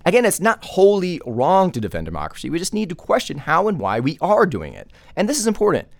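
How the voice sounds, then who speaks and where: A man's voice: on the high side, huge pitch swings, fast, gravelly, no room sound. A man who is a journalist and podcast host, delivering opinion commentary emphatically, with many rhetorical questions.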